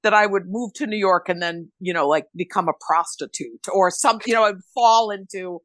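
A woman's voice: medium pitch, brisk, fairly bright tone, no echo. An older stage actress chats frankly about her life, blunt and heartfelt. Her voice sits mid-range and is recorded dry and close, with little room sound. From Rhode Island. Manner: blunt, candid, emotional storytelling. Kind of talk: casual interview chat.

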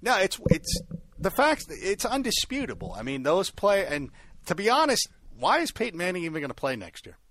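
A man's voice: high voice, wildly swooping pitch, moderate pace, fairly bright tone, slight background noise. A man co-hosting a sports podcast in casual, emphatic chat. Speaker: podcast co-host.

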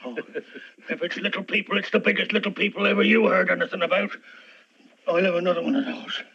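A man's voice: high voice, steady tone, fast talker, creaky, bright, forceful tone, husky, full character voice. A drunk, frightened Irishman. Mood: shaken. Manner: shaken, blustering, insistent. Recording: muffled old film soundtrack.

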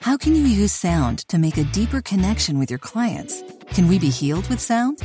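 Woman reading a smooth podcast ad, lowish mellow voice, soft music behind. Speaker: voice actor, podcast promo. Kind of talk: scripted ad read.

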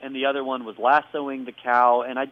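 A man co-hosting a casual podcast, recapping a wrestling show with animated storytelling and playful impressions. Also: medium pitch, a little fast, no room sound, narrow, tinny audio. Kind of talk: casual chat.

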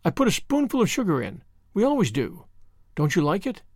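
A man's voice: high-pitched, wildly swooping pitch, fairly quick, darkish tone, no echo, studio quality, heavily acted. A man voicing an imaginative young girl who talks earnestly and expressively.

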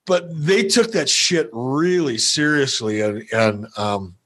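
A man's voice: medium pitch, slow pace, a bit bright. A man talking as a podcast guest, telling a story in a playful, profane, self-amused way. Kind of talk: casual storytelling.

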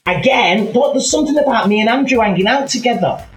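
A man telling animated, rambling anecdotes as a guest in casual chat. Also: very high voice, fast, echoey room, soft background music, poor audio. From England. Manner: animated anecdotal storytelling with many asides.

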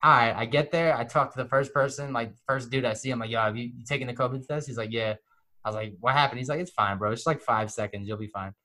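During casual talk, a young man tells a lively story, voicing each person he quotes and using plenty of profanity. His pitch is medium and his delivery fast.

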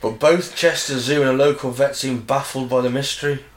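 A man's voice: mid-range voice, fairly even intonation, a little fast. A man co-hosting a casual podcast, chiming in with short, dry remarks. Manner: brief, dry interjections. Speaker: podcast co-host. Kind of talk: casual chat. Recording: roomy recording.

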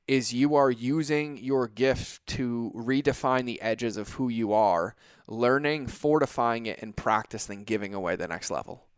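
A man's voice: mid-range voice, a little slow, smooth, dry recording. A man hosting a podcast, speaking in a thoughtful, heartfelt and reflective way. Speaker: podcast host. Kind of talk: casual podcast conversation.

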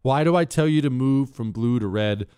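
A man's voice: mid-range voice, normal speed, heavy background noise. A man hosting a talk show, ranting sarcastically in a casual monologue into a studio microphone. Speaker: radio talk show host.

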